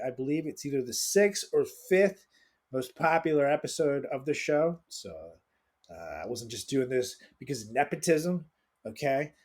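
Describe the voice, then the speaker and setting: A man's voice: medium pitch, a little mellow, slightly rough. A young man hosting a casual podcast with a jokey, rambling delivery and lots of fillers. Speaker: podcast host.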